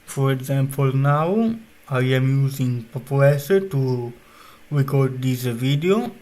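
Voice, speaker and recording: A man's voice: medium pitch, animated, takes it slowly, darkish tone. A man from Italy with an Italian accent, speaking English as a second language in casual, rambling chat on his stream. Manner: rambling, unpolished non-native phrasing.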